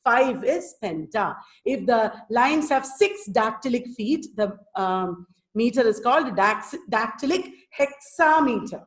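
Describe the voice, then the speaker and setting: Lady teaching online, kinda high voice, echoey room. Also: expressive. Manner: explains slowly, often asks "did you understand?". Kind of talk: online lecture. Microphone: computer mic in a webinar.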